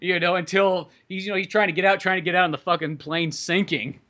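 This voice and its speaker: A man talks quickly and with a bright, forceful edge in a loose podcast conversation about films. He rambles, restarts his sentences and swears freely. His voice sits a little higher than most men's. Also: dull audio. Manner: rambling, animated, heavy swearing. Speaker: podcast co-host. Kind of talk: casual movie chat.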